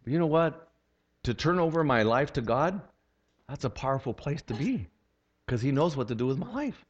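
This pastor, a man in his sixties, has a mid-range, sing-song voice and speaks at normal speed. His sermon is conversational and funny, full of rhetorical questions, captured in dull lo-fi sound.

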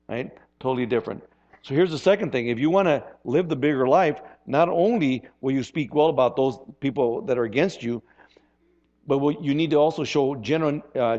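A man preaching a sermon as pastor, conversational and animated, with rhetorical questions and calls for an amen. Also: mid-range voice, lo-fi sound.

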